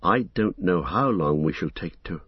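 A man reading the part of an earnest young male hobbit, gentle, thoughtful and resigned, on a dull lo-fi recording. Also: low-pitched, animated, a little slow, husky, no room sound, exaggerated voice. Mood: somber.

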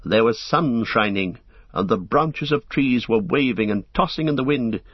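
A man narrating a storybook with steady, even reading, on a dull lo-fi recording. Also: mid-range voice, normal speed, slightly rough, no room sound. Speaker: audiobook narrator.

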